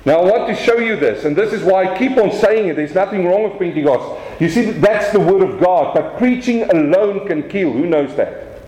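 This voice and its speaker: A man with a South African accent preaching a lively sermon from the pulpit. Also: high-pitched, normal speed, echoey room, rough recording. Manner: animated preaching, swings from quiet to raised. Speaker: pastor.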